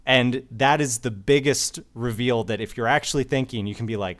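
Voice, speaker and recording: A man's voice: medium pitch, moderate pace, hardly any pauses, fairly bright tone. A young man co-hosting a podcast, eagerly explaining plot points in casual conversation. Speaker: podcast co-host. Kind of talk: casual movie discussion.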